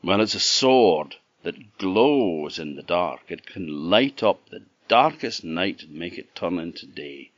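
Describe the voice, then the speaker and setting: A man's voice: low-pitched, animated, slow pace, hardly any pauses, no echo, dull audio, full character voice. A Scottish man voicing a demanding fairy-tale king with a hearty, bouncing delivery. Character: curious, demanding storybook king.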